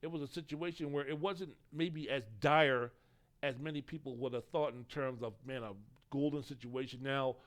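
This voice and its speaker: A man's voice: mid-range voice, steady tone, moderate pace, a bit bright. A man hosting a solo sports podcast, talking in a rambling, opinionated way and swearing casually. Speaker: podcast host.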